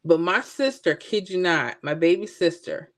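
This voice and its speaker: A woman's voice: fairly low pitch, animated, moderate pace. A middle-aged woman from Florida hosting a livestream, telling stories in a chatty way and talking to viewers by name. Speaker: livestream host. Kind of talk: casual livestream chat.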